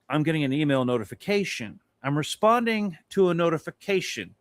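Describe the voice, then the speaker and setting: A man's voice: on the high side, fairly quick, dry recording. A man co-hosting a casual talk show, telling a long story with a lot of swearing. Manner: animated, swearing, rambling anecdote. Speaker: podcast co-host.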